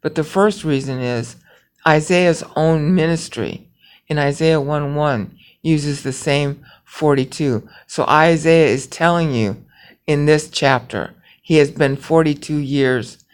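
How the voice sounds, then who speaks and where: A woman with a very low voice gives a Bible lesson from a hospital bed while ill. She explains step by step, keeps checking in with the listener, and slows down to chant the Hebrew syllables one at a time. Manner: explanatory, with frequent "okay?" check-ins. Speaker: Bible teacher. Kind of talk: recorded teaching. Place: hospital room.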